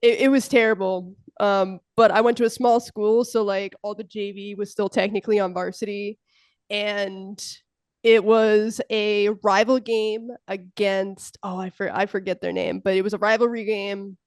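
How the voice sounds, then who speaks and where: A woman co-host chats casually, joking at her own expense and restarting her sentences. Her voice has a middle pitch. The sound is dry and close. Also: moderate pace, a little mellow, clear, resonant tone, no room sound. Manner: chatty, self-deprecating, hesitant restarts. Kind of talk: casual chat.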